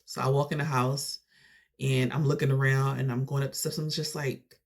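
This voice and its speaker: Animated storytime vlogger. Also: mid-range voice, normal speed. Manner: animated, conversational retelling. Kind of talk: casual storytime.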